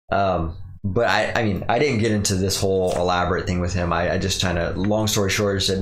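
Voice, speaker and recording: Podcast host, young man, lowish voice, casual rambling rant, recorded in an echoey room. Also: fairly even intonation, normal speed. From Pacific Northwest. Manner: casual, rambling, mimics other people's voices in quotes.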